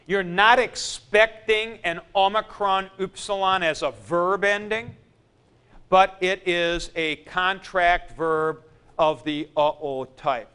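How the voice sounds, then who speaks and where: A man teaching a Greek grammar lesson in a classroom, spelling out word forms deliberately, syllable by syllable. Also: sits high, bright, forceful tone, smooth. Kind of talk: classroom lecture.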